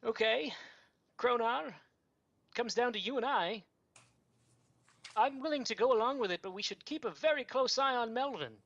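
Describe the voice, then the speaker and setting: A woman playing a tabletop game, animated and excitable. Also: on the high side, moderate pace, pauses often, no echo, dull audio. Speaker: player.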